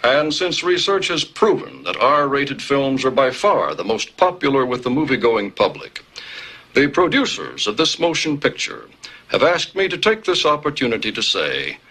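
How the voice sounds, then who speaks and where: An actor playing a solemn male movie spokesman delivering a formal, deadpan disclaimer straight to the audience. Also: medium pitch, normal speed, slightly rough, heavily acted, poor audio. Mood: mock-solemn. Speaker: film announcer delivering a disclaimer. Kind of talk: scripted film address.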